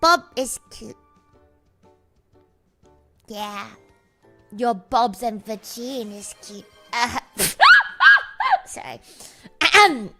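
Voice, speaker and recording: Young female streamer, high and animated, jokey and exaggerated, unhurried. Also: over loud music. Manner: playful, exaggerated, swears freely. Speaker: livestreamer. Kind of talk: casual stream chat.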